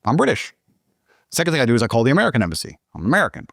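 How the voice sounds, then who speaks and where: Indignant man, animated story, expressive pitch, heavy swearing, dry sound. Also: very fast, gravelly, no room sound. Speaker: guest storyteller. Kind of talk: casual storytelling.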